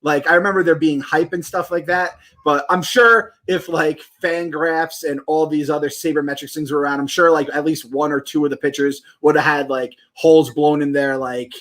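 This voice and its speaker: A man's voice: fairly high pitch, fairly even intonation, moderate pace, hardly any pauses, a bit bright. A young man co-hosting a sports podcast, chatting animatedly with stumbling restarts and casual swearing. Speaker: podcast co-host.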